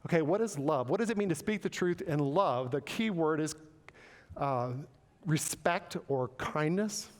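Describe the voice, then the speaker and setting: A man's voice: a little high, animated, measured pace. A man preaching a sermon as pastor, earnest and repeating words as he searches for phrasing. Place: church sanctuary. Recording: long reverb of a church hall.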